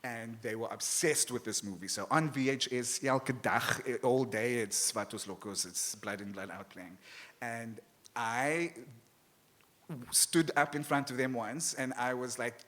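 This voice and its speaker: A man with a Cape Flats South African accent and a slight sibilant lisp, telling animated stories as an author guest on a live festival panel. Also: medium pitch, unhurried. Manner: animated, laughs often, acts out voices. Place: live event stage.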